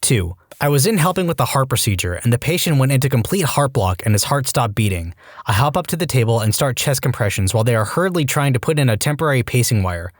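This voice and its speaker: Lively male Reddit story narrator. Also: quick pace, dry recording, studio quality. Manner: animated reading that jumps into high-pitched acted quotes. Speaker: podcast narrator. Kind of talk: reading Reddit stories aloud.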